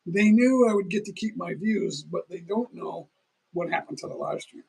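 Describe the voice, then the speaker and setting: A middle-aged man runs a rambling, casual phone livestream, eating as he talks, sounding worn out, and frequently starting over. His high-sitting voice is animated, creaky, darkish, and slightly rough at a moderate pace, in a low-quality recording.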